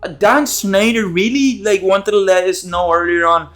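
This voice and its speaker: A man's voice: high voice, steady tone, moderate pace, fairly bright tone, soft background music. A young man recapping a TV episode in a rambling, profane, casual way with lots of fillers. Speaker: YouTube commentator.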